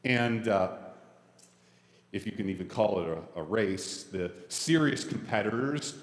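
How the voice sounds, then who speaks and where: A man's voice: on the low side, animated, unhurried. A man in his forties, a pastor preaching a sermon in a casual, joking, self-deprecating way. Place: church sanctuary. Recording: roomy hall reverb.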